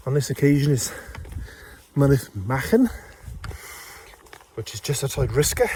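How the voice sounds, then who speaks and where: A man's voice: medium pitch, sing-song, measured pace, pauses often, warm tone, slight background noise. Rambling man on a hillside. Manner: chatty, rambling, self-deprecating. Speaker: amateur radio vlogger. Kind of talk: casual hiking vlog narration. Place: outdoors on a windy hillside. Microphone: handheld phone.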